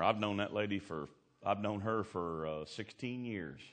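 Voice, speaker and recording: A man with a fairly low voice preaches a fervent sermon. His talk is plain and folksy, and his voice surges up to loud, climbing peaks, then drops to a hushed storytelling tone. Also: moderate pace. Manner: folksy, colloquial grammar.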